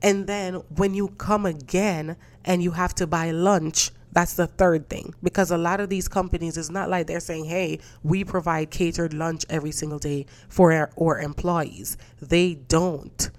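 Low-voiced blunt woman ranting. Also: fairly even intonation, a little slow, few pauses. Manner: blunt, exasperated, swears freely. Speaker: podcast host. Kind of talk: casual rant.

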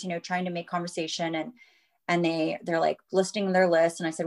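A woman's voice: fairly low pitch, a little fast. A woman in her thirties, a mother and guest on a podcast, telling a story earnestly and acting out what others said. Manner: earnest, animated, acts out quoted voices. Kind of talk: interview storytelling.

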